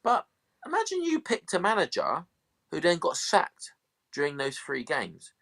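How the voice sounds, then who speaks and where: Male co-host, bright low voice, dismissive and animated. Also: unhurried, vocal fry. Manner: dismissive, offhand grumbling. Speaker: podcast co-host. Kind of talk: casual chat.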